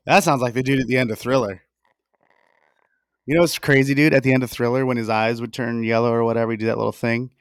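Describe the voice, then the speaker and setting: A man's voice: mid-range voice, steady tone, fast talker, clear, resonant tone, no room sound, clean studio sound. A man co-hosting a casual podcast, joking crudely and swearing freely, talking over a headset mic. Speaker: podcast co-host. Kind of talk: casual chat.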